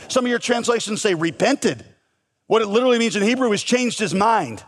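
Young guy preaching, high voice, lively, keeps asking the crowd questions. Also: quick pace, slightly rough. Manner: animated, rhetorical questions, voices God and Moses in quotes. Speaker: pastor. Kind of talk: sermon.

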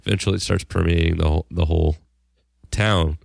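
Podcast co-host, man, very low voice, dry close sound, rambling casual talk. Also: steady tone, fast talker, vocal fry, dry recording. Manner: rambling, frequent restarts. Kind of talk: casual TV discussion.

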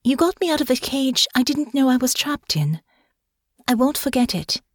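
A woman voicing an earnest young noblewoman who talks brightly and eagerly. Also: high-pitched, sing-song, normal speed, dry recording, studio quality, voice pushed up.

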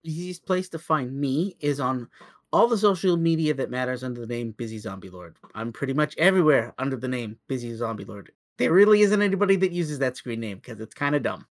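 A man in his thirties co-hosts a podcast, telling a long rambling story full of restarts and little acted-out quotes. His pitch sits in an ordinary middle range. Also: animated, fairly quick. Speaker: podcast co-host. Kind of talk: casual podcast chat.

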